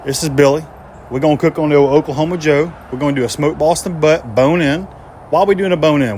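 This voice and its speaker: A man's voice: a little high, fast, darkish tone, a little hiss or hum. A man, hosting a casual barbecue cooking video in a folksy, joking way outdoors. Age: 50s. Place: outdoors at a grill.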